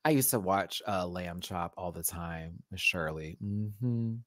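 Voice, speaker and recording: A man's voice: sits low, unhurried, a bit bright, no echo, clean studio sound. A man hosting a casual live-stream chat, sassy and campy, laughing often and using playful slang. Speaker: host.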